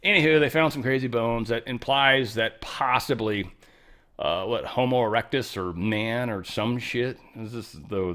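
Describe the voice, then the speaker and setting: A man's voice: sits low, fairly bright tone. A man hosting his own show, giving casual news commentary in a rambling, profane, ranting way. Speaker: host.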